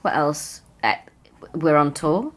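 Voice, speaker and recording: A woman's voice: low voice, takes it slowly. A woman co-hosting a comedy podcast, joking along in an easy chat. She laughs often and drops chatty asides into the conversation.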